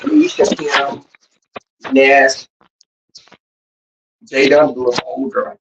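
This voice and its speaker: A livestream host in casual chat with the viewers, loud, profane and teasing, who shouts now and then and drawls some words while rushing others. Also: mid-range voice, very animated, noisy background. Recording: roomy, distant, dull lo-fi sound.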